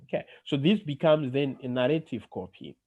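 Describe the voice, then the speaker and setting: A man's voice: medium pitch, lively intonation, a little fast, darkish tone, slightly rough. A male teacher running a class discussion, explaining terms and asking questions with frequent okays.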